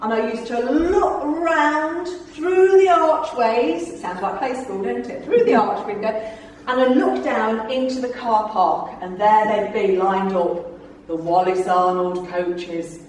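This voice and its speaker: A woman's voice: a little high, a little slow, hardly any pauses, a little mellow, slight background noise. A woman in her fifties giving a jokey, anecdotal talk to a club audience, chatting with listeners and laughing as she goes. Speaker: guest speaker at a club. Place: club meeting room. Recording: echoey room from far off.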